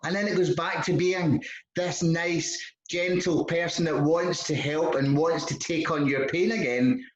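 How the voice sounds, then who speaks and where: Guest guy talking things through slowly and carefully, slightly high voice, sounds muffled. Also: fairly even intonation. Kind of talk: casual chat. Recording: echoey, dull remote audio.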